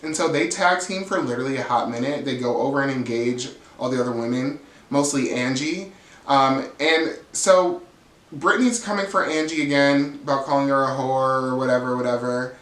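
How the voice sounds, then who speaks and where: Animated gossipy man in an echoey room. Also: normal speed. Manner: animated storytelling, jumps into high voices quoting the cast, laughs often; swears freely. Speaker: reality TV recap host. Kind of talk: casual gossipy recap.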